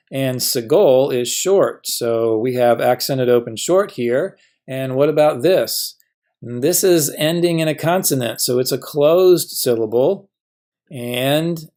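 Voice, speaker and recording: Male teacher, mid-pitched, patient lecture voice that poses and answers its own questions. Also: a little mellow. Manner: patient, asks questions and answers them himself. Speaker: Hebrew teacher. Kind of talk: classroom grammar lesson.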